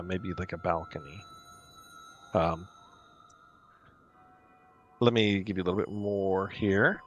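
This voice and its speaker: A man running a tabletop game as dungeon master, describing scenes slowly with many pauses. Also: sits low, fairly bright tone.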